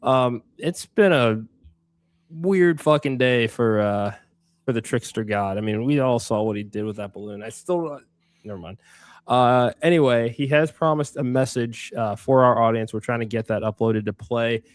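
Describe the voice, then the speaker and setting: A man co-hosting a podcast in casual, energetic chat, leaning on fillers and dropping the occasional curse. His voice sits at a middling pitch and is recorded close and dry, with no room sound. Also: moderate pace, no room sound. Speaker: podcast co-host.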